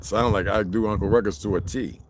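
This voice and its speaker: A man's voice: fairly low pitch, fairly even intonation, a little fast, heavy background noise. An older man in a rambling outdoor monologue, blunt, profane and preachy. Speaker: vlogger.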